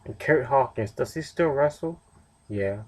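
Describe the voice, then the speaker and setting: A man's voice: medium pitch, animated, measured pace. A tired young man casually reviewing a wrestling show on his own, rambling with fillers and self-corrections. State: tired, yawning.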